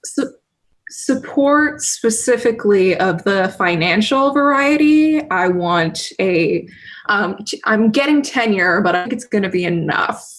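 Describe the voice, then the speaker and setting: A woman player in a tabletop game, talking quickly with laughing asides. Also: medium pitch, expressive. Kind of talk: casual role-play chat.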